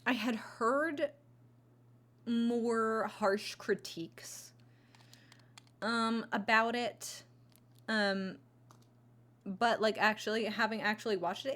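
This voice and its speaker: A woman's voice: on the high side, steady tone, takes it slowly, long pauses, fairly bright tone. A woman chatting casually into a close mic, reviewing movies on her vlog, rambling with lots of fillers and restarts. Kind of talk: casual chat.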